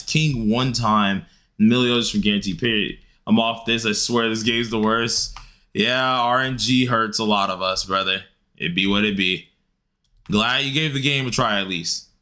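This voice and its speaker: This game streamer talks casually with his chat, relaxed and full of slang, laughing frequently. He has a mid-range voice with a bright, forceful tone.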